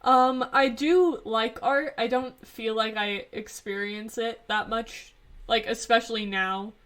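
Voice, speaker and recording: A woman's voice: on the high side, steady tone, takes it slowly, a bit bright. A teenage girl co-hosting a podcast in casual chat, hesitant and stuffing her sentences with fillers. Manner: hesitant, filler-heavy with lots of "like". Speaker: podcast co-host.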